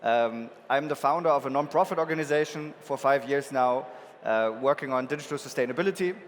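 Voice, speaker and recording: A man's voice: mid-range voice, brisk, in a large hall, slight background noise. A man with a German accent giving a casual, joking conference talk, with lots of filler ums. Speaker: conference speaker. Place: large conference hall.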